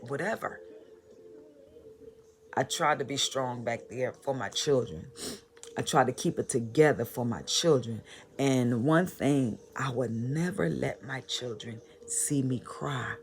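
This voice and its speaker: Halting, heartfelt woman vlogger. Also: a bass voice, darkish tone, slight background noise. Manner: halting, repeats phrases, heartfelt. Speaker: motivational vlogger. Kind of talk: personal story vlog.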